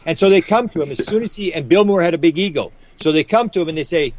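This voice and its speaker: A man as guest author in a casual interview, rambling with quick restarts and acting out the voices he quotes. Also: fairly high pitch, animated, darkish tone, no echo. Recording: dull lo-fi audio.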